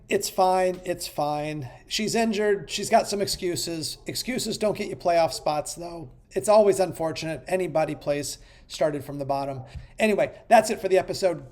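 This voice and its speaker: A man hosting a podcast, counting down rankings, swinging between hyped shouting and muttered asides. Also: high voice, normal speed. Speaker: podcast host.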